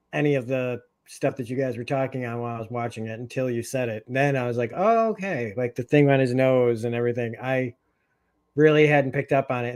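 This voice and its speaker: A male co-host chats on a podcast, stopping and restarting his sentences as he thinks. His voice is mid-range and unremarkable. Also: mid-range voice. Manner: halting, frequent restarts. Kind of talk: casual podcast discussion.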